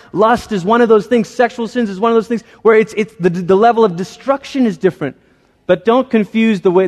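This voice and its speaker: Conversational pastor in a reverberant hall. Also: male voice, high-pitched. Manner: conversational, self-deprecating, tells family stories. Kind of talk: sermon.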